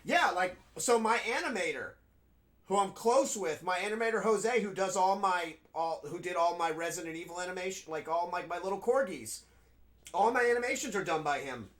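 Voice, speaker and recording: A man's voice: sits high, lively intonation, moderate pace, fairly bright tone. A man playing a video game and chatting casually, rambling and frank, with frequent swearing. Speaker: gaming streamer. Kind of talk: casual commentary while playing.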